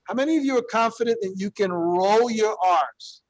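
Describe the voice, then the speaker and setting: A man's voice: high-pitched, normal speed, dry recording, highs cut off. A man teaching a Spanish class, encouraging students and drilling pronunciation through repetition. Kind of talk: classroom language lesson.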